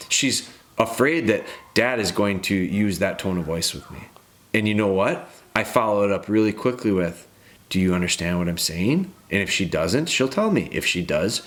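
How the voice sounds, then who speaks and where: A man's voice: lowish voice, lively intonation, moderate pace, a bit bright. A man in his thirties hosting a dog-training podcast, ranting bluntly and emphatically, with restarts.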